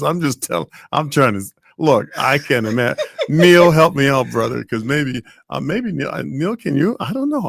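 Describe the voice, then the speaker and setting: Gravelly man with a lively voice. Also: on the high side, no echo, studio quality. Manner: playful, halting, many restarts and laughs. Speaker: podcast co-host. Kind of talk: casual discussion with live comments.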